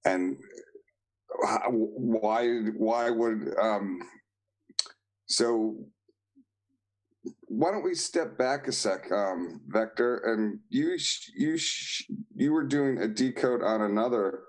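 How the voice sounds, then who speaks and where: A man, a guest on a live online show, talking in a halting way with many fillers and restarts. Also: fairly low pitch, very animated, rough recording. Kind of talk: casual live-stream chat.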